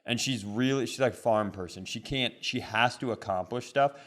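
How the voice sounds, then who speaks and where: A man's voice: medium pitch, normal speed. Laughing man in his forties. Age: 40s. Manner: laughs often, animated voices in anecdotes. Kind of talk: casual comedic storytelling.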